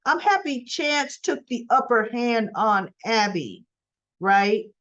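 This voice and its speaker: A woman's voice: a little high, lively intonation, slow, a bit bright. Chatty woman recapping a soap. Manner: chatty, full of asides. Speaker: soap opera recap vlogger. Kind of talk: casual retelling of a soap episode. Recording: dull lo-fi.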